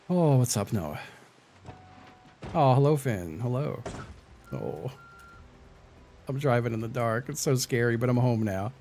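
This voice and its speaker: A man's voice: medium pitch, a little mellow, a little hiss or hum. A man live-streaming a game, chatting casually, narrating his own moves and greeting his viewers. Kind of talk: casual gameplay chat.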